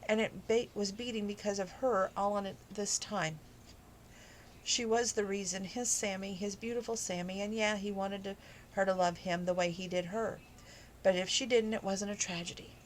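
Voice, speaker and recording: A woman's voice: medium pitch, fairly even intonation, normal speed, slight background noise, poor audio. A woman reading a romance novel aloud informally, emotional and adding personal asides. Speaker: audiobook reader.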